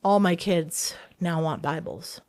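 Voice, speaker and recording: A woman, a guest in an interview, telling a personal story in a casual, animated way and acting out the dialogue she quotes. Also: lowish voice, slow pace, no room sound.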